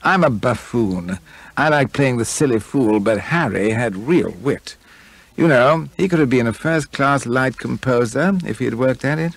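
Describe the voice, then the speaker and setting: A combative, hot-headed drunken writer, as the reader puts him on, blustering and indignant, pitched a little higher and louder than the narration. The gravelly, husky voice stays in a close, dry audiobook recording. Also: male voice, lively intonation, moderate pace, dry recording. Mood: fond. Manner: blustering, indignant, rising to shouts.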